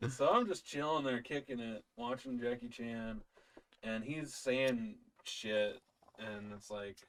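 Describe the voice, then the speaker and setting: A young man speaks in relaxed slang and lets his sentences trail off as he tells a story. His voice is bright and sits at a middle pitch. He is a little away from the mic. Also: slow. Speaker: podcast co-host. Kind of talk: casual storytelling chat. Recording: voice distant from the mic.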